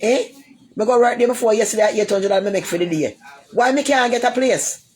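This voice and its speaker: A woman's voice: on the high side, fairly quick, darkish tone, husky. A woman with a Jamaican accent talking live to her viewers in a casual rant. She rambles and repeats herself, and she answers commenters with blunt insults. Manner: rambling and repetitive, loops back over the same points. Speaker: livestreamer.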